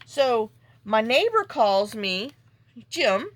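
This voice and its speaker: A woman's voice: medium pitch, lively intonation, unhurried, no echo. Chatty woman venting while crafting. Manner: chatty, exasperated, salty venting. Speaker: papercraft vlogger. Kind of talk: casual storytelling while crafting.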